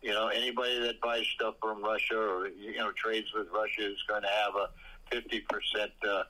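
A man co-hosting a political talk show, speaking haltingly with many fillers and blunt opinions. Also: on the low side, little pitch movement, sharp tone, rough recording. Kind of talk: casual political chat.

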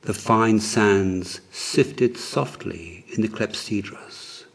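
A man narrating a story as an audiobook in a measured, dramatic manner. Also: fairly low pitch, vocal fry.

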